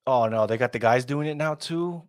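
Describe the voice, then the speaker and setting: A man's voice: mid-range voice, brisk, no echo. A man hosting casual reaction commentary in a slangy way, with lots of fillers. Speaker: host.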